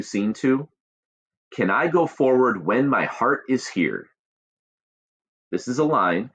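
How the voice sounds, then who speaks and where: A man's voice: mid-range voice, breathy edge. A male teacher giving a recorded lesson, explaining patiently and chanting stress patterns aloud.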